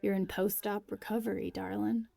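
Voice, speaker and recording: A weary young drummer girl, as a female reader gives her lines in a storybook reading. She speaks quietly and shakily, often close to a whisper, in a gravelly, warm voice that sounds dry and close. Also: medium pitch, flat delivery, moderate pace, no room sound. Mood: reassuring. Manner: quiet and shaky.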